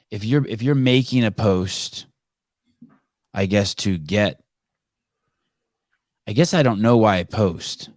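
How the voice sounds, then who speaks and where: A man in his fifties hosts a casual podcast chat with a fairly low voice. He swears freely and rambles, stopping and restarting his sentences. The sound is dry and close, with no room echo. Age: 50s. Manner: profane, rambling, with many restarts. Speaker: podcast host.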